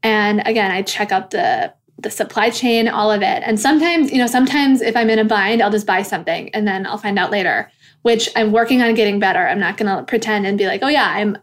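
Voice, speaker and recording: Earnest impassioned woman, fairly high voice. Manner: earnest, impassioned, swears when angry. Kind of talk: casual monologue.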